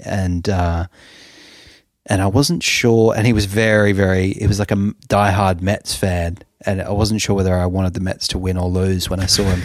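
A man's voice: sits low, a little mellow, dry recording, studio quality. A man from Australia, co-hosting a podcast and telling anecdotes in a chatty, self-interrupting way. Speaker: podcast co-host. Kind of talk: casual chat.

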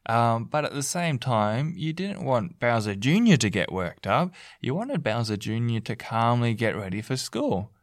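A man's voice: medium pitch, very animated, normal speed, few pauses, no room sound, studio quality. A man speaking as a parenting counselor in a mock counseling session, earnest and coaxing, with lots of fillers and restarts.

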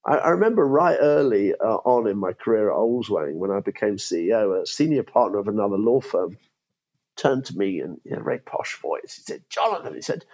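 A man's voice: on the low side, very animated, fairly quick, darkish tone, highs cut off. A man in his fifties, a former law firm chief, thinking aloud in an interview with frequent restarts. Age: 50s. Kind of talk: interview conversation.

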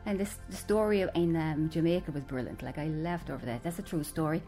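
A middle-aged woman with a low, mellow voice tells family stories in a chatty way, laughing as she goes. Soft music plays faintly underneath her. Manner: laughing, animated anecdotes. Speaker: interviewee, daughter of the subject. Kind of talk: casual storytelling.

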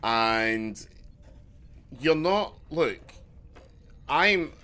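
Podcast co-host, male, bright tone, chatty and digressive, curses casually. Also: mid-range voice, animated, drawn-out words. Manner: rambling, loses his thread, swears. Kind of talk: casual chat.

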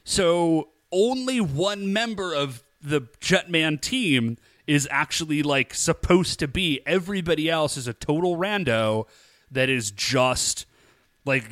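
A man co-hosts a podcast and recaps an episode in casual chat. His voice sits a bit high and moves all over the place. The sound is close and dry, with no room in it. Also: animated, takes it slowly, a bit bright, no echo. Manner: chatty, laughing, acting out lines in quotes. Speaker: podcast co-host.

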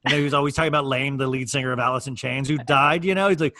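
A man's voice: mid-range voice, steady tone, racing, hardly any pauses, pushed and bright, no room sound, studio quality. A man co-hosting a podcast, telling rambling stories full of fillers in casual chat. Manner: rambling, filler-heavy storytelling. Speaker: podcast co-host. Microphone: studio microphone.

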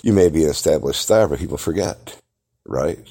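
A man's voice: extremely low pitch, expressive, fairly quick, mellow. A man hosting a podcast, delivering a grandiose, theatrical monologue that lectures the listener. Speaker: podcast host. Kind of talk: grandiose self-promoting monologue.

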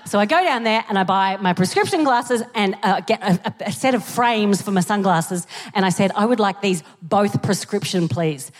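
A woman with an Australian accent performing a stand-up comedy set, telling stories with animated delivery and sudden shouted punchlines, recorded live on a theatre stage. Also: mid-range voice, moderate pace, hardly any pauses. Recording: live theatre with long hall reverb.

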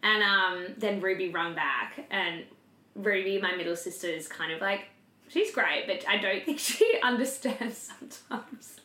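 A little slow but expressive, a young woman with a mid-range voice chats through a story as podcast co-host, her voice pushed and bright. She uses lots of fillers and swears freely, and the room echoes.

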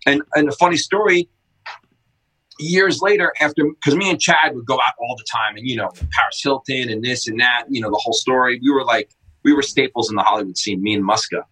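Middle aged dude telling stories on a podcast, hyped, curses a lot, kinda raspy. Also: male voice, mid-range voice, fairly quick, low-quality recording. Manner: excitable, swearing, acts out quotes loudly. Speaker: skate shop owner, podcast guest. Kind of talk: casual storytelling.

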